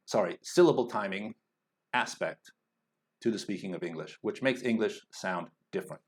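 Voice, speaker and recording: Lowish male voice, teacher going slow n careful, lots of ums, explaining a speaking lesson. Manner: slow and deliberate, thinking aloud with fillers. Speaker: IELTS teacher.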